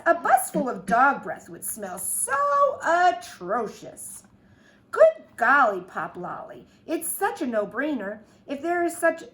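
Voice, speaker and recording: A woman's voice: sits high, fairly bright tone, voice pushed up. A woman voicing a bossy, dramatic mother cat who lectures in sing-song rhymes, reading a picture book aloud. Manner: emphatic, sing-song rhyming.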